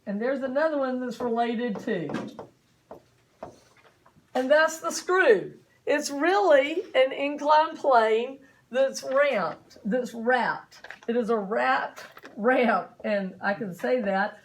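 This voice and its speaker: Woman science teacher, high voice, folksy and chatty in front of a class. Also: takes it slowly, slight background noise. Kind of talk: classroom lecture.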